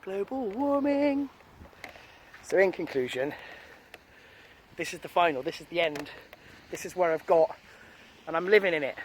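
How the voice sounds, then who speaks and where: A man's voice: fairly high pitch, normal speed, recorded from a distance, a little hiss or hum. A man casually narrating his own camper van build in a wry, self-deprecating way. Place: in and around a camper van, partly outdoors.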